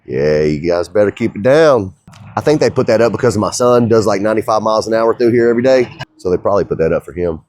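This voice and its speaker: A man's voice: on the low side, lively intonation, quick pace, a little mellow, dry recording. Laid-back man talking in his shop. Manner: easygoing, rambling, folksy talk. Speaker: shop owner and fabricator. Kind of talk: casual shop vlog. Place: workshop.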